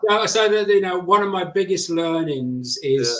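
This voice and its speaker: A man's voice: sits high, normal speed. A man with an English accent, a podcast guest, telling his stories animatedly and acting out other people's quotes. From England. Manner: animated storyteller who acts out quotes. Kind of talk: conversational storytelling. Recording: roomy echo.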